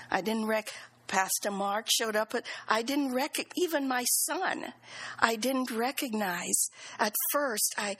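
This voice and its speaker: A middle-aged woman giving an earnest, halting testimony of thanks in church, sometimes dropping into soft whispered phrases. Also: fairly high pitch, slightly rough, low-quality recording.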